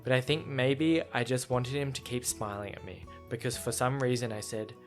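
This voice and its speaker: Excitable man reacting to a book. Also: medium pitch, normal speed, faint music behind. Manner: excitable, chatty, laughs often. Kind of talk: casual reading and reaction.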